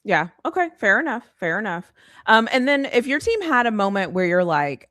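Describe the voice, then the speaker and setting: A woman's voice: on the low side, lively intonation, fairly quick, fairly bright tone, dry recording, clean studio sound. A woman hosting a casual podcast interview, asking questions and laughing along. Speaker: podcast host.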